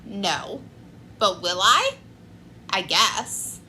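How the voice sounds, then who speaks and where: Sullen older male customer, put on by a young woman, flat and bright-toned. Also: mid-range voice, extremely slow, a little hiss or hum, pitched below the performer's own voice, exaggerated voice.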